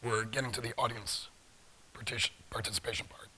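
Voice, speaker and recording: A man's voice: medium pitch, fairly even intonation, brisk, bright, forceful tone, a little hiss or hum. A middle-aged man giving a live talk in a large conference hall, joking playfully with the audience. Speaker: conference speaker.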